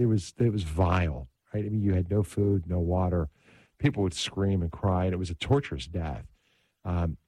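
A man's voice: deep voice, warm tone, no echo. A man hosting a religious talk show who tells stories of saints in an earnest, devout way. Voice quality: earnest, devout storytelling manner. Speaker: host.

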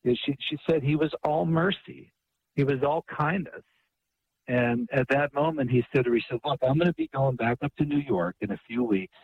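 A man's voice: mid-range voice, moderate pace, husky. Man telling a story over a tinny phone line. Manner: retells a story at length with many restarts and quoted dialogue. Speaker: author and radio guest.

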